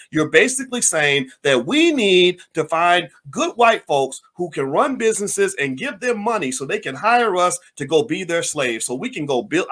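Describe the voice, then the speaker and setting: A man's voice: fairly high pitch, a bit bright. A man giving impassioned political commentary, firing off angry rhetorical questions.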